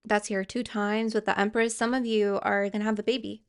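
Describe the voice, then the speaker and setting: Here a woman reads tarot cards in a medium-pitched, clean voice, delivering flatly and fairly quickly. Her speech is hesitant and full of fillers and restarts, and she offers direct reassurance to the people watching.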